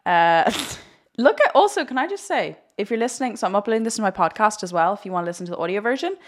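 A woman's voice: mid-range voice, sing-song, quick pace. A woman hosting a spiritual livestream, talking straight to viewers in a giddy, laughing, rambling way. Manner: talks to viewers directly. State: one eye watering. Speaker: spiritual coach hosting a live video. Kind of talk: casual spiritual vlog on a livestream.

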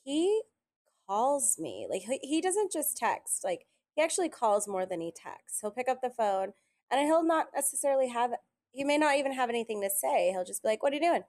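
A woman chatting casually on a podcast, telling animated stories and quoting people often. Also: on the high side, normal speed. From Italian heritage. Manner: animated storyteller, quotes others often. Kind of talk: casual chat.

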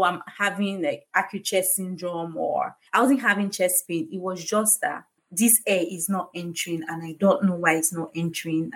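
A young adult woman from Nigeria hosting a podcast, telling a personal story candidly with many fillers. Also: on the low side. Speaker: podcast host, foundation founder.

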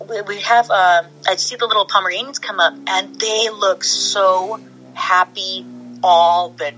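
A woman's voice: medium pitch, sharp tone, highs cut off. A young adult woman talking as an interview guest, bubbly and rambling, with frequent laughs and many fillers. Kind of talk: casual interview chat.

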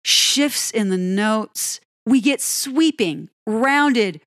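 A woman giving an admiring, unhurried commentary on a pop ballad. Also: fairly high pitch, expressive, a bit bright, dry recording, clean studio sound. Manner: admiring, lingers on phrases, sings lyric snippets. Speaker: music reviewer. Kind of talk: song-by-song music commentary.

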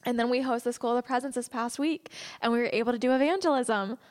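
A woman leading a church class, telling a lively story with frequent laughs and then praying aloud. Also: on the high side, fast. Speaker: class leader. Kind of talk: church class talk and prayer.

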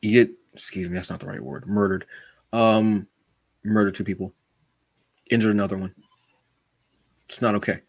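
A man co-hosting a podcast in casual chat, from the United States, animated and often calling his co-host brother. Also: fairly low pitch, normal speed, creaky, long pauses, slightly rough, dry recording, studio quality. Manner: animated, says "brother" often, acts out quotes.

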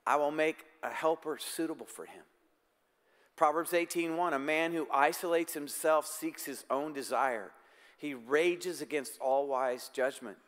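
A man's voice: on the high side, measured pace, fairly bright tone. A man preaching a sermon as pastor, talking in an earnest, conversational way. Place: church sanctuary. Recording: long church-hall reverb.

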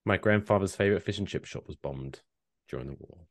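A man from England co-hosting a comedy podcast, telling stories in a lively, jokey way and slipping into silly voices. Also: low-pitched, fast, creaky. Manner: animated, slips into silly put-on voices. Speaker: podcast co-host. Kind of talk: comedic storytelling chat.

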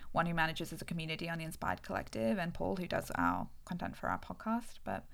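A woman's voice: on the low side, very animated, fast talker, creaky, fairly bright tone. A young woman co-hosting a podcast in casual, effusive chat. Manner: bubbly, effusive, laughs easily. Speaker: podcast co-host.

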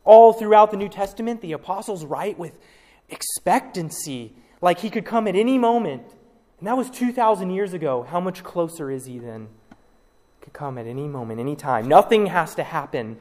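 A man delivering a sermon with a fairly high voice. He preaches dramatically, acting out quoted speech and dropping from near shouts to quiet, hushed words. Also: big-room sound. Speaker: pastor.

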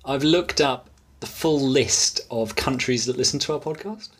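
A woman's voice: rumbling low, normal speed, noisy background. A woman co-hosting a podcast in casual chat, teasing and steering the talk. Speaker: podcast co-host.

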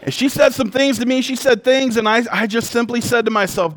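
A man preaching a sermon as a pastor, animated and emphatic, moving between loud declarations, quiet intensity and humorous storytelling. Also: extremely high pitch, fairly quick. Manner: conversational storytelling with self-deprecating humor.

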